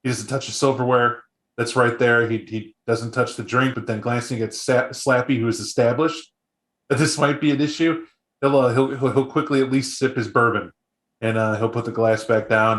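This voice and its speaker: A man running a tabletop role-play as game master, mid-pitched and easygoing. He narrates in a loose, rambling way, with plenty of ums and restarts. The recording sounds echoey, as if in an open room. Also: steady tone, normal speed, a bit bright. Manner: casual, rambling narration with many fillers.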